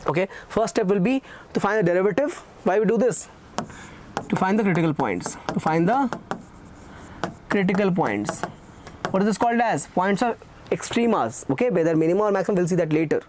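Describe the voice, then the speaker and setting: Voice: mid-range voice, a little mellow, slight background noise. Teacher repeating steps for students. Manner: repeats key phrases, asks and answers own questions. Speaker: math teacher. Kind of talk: recorded exam-prep lecture.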